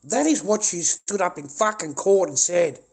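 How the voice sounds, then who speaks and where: A man in middle age vents on a livestream in an angry, looping rant, swearing and going over the same points again and again. His speaking voice sits somewhat high for a man. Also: animated, normal speed, darkish tone, slightly rough. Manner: agitated, swearing, repeating himself.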